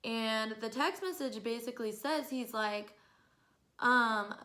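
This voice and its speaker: Bright-voiced young woman vlogger. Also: on the high side, slow. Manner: animated, exasperated, laughs often. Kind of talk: casual storytelling to camera.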